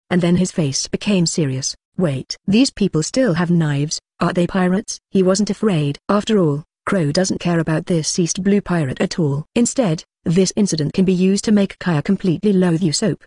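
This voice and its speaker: Synthetic audiobook narrator, flat delivery, mid pitch, dry. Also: normal speed, hardly any pauses, no room sound. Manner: reads punctuation aloud, flat synthetic cadence. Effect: text-to-speech voice.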